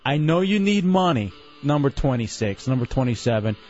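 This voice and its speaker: Animated male radio host, teasing. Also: mid-range voice, normal speed, muffled recording, faint music behind. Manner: teasing, mock-scolding. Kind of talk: casual radio banter. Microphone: studio mic.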